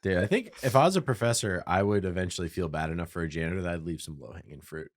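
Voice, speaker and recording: A young man joking around in a casual podcast chat. His pitch swings widely, and he keeps going into goofy voices. The sound is close and dry, with no room echo. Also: lively intonation, quick pace. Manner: playful, jokey, laughing, slips into silly high voices. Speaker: podcast co-host.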